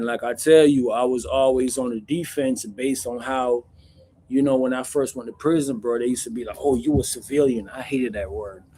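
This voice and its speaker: A man hosting a casual live Q&A, talking bluntly in street slang and calling the viewer bro, with loud bursts when he acts out stories. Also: mid-range voice, a little hiss or hum. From Jamaica. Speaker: host answering viewer questions.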